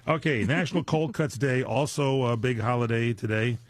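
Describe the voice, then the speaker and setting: A man's voice: mid-range voice, normal speed, no echo. Joking rambling male radio host. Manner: jokey, rambling, drifts into digressions. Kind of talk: casual live radio chat. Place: radio studio. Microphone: studio microphone.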